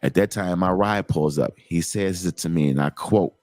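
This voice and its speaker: A middle-aged man hosting a show, telling a personal story in a casual, animated, digressive way. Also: sits low, moderate pace, dry recording. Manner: animated, digressive, lots of repeated starts. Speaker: host.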